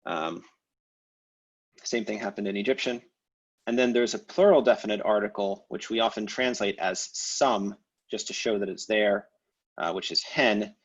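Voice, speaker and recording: Low-voiced man teaching an online class. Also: normal speed, husky, lo-fi sound. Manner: relaxed, explanatory, frequent fillers and restarts. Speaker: language teacher. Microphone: video call.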